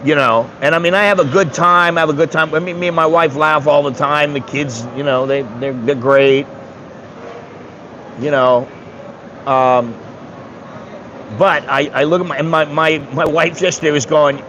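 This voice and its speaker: A man's voice: fairly high pitch, moderate pace, a bit bright, a little hiss or hum, low-quality recording. A man in his sixties from the United States, rambling bluntly and with some swearing in a casual livestream chat. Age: 60s. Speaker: streamer.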